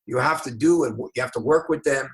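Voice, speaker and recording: An older man from New York, a rabbi being interviewed, telling stories in an unhurried, anecdotal way with emphatic moments. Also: mid-range voice. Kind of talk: conversational storytelling.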